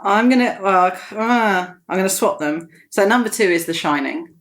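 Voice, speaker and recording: A woman's voice: medium pitch, lively intonation, normal speed. A woman guest chatting casually on a podcast as an enthusiastic film fan.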